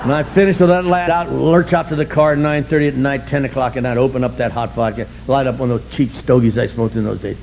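Animated older man telling stories. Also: quick pace, creaky, few pauses, slight background noise, rough recording. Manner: animated, self-mocking, emphatic, swings from loud bursts to low asides. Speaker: speaker sharing his story at a recovery meeting. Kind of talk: humorous storytelling talk.

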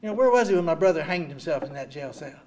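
An older man speaking at a recovery meeting, giving an animated, self-mocking personal testimony full of "you know.". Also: a little high, quick pace.

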